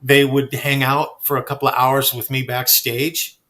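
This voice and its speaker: A man telling backstage stories in a casual chat, animated and swearing freely. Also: mid-range voice, moderate pace. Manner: animated, acts out quoted dialogue, swears freely. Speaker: guest storyteller.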